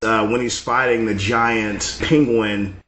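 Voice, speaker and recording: Low-voiced man in an echoey room. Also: steady tone, slow pace, fairly bright tone. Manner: hesitant, with fillers. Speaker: podcast panelist. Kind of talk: casual film podcast discussion.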